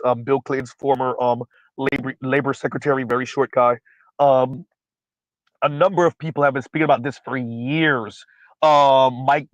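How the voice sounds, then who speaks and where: A man's voice: mid-range voice, no room sound, highs cut off. Blunt, emphatic male livestream host. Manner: blunt, emphatic, repeats points; frequent um fillers while recalling names. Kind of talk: casual livestream commentary.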